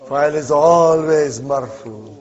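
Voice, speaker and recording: A man's voice: a little high, slow. A man teaching an Arabic class, walking students through example sentences with frequent "huh?" and "okay?" checks, patient and encouraging. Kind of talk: classroom lesson. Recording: dull lo-fi classroom recording.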